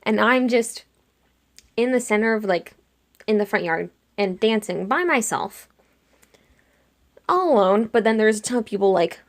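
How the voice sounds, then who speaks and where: A young woman chatting casually while she sketches, retelling a dream in an animated way and acting out her own lines with lots of "like". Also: medium pitch, moderate pace, pauses often. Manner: chatty, animated quoting of herself with frequent "like". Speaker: art vlogger.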